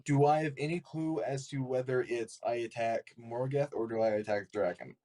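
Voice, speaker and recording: A man's voice: medium pitch, moderate pace, mellow. Casual man playing a tabletop game. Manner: loose, filler-heavy, thinking aloud. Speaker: player.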